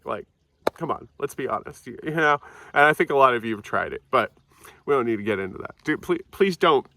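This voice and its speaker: A man's voice: a little high, a little fast, pushed and bright, dry recording. A man telling a story to camera in a loose, rambling, profane way, mocking himself and laughing at his own jokes. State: sober, in recovery. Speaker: vlogger.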